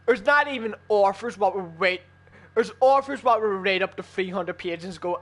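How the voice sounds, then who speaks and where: A man's voice: high-pitched, lively intonation, normal speed, a bit bright. A man in a casual chat while gaming with friends, arguing heatedly and swearing a lot. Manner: heated, profane, argumentative.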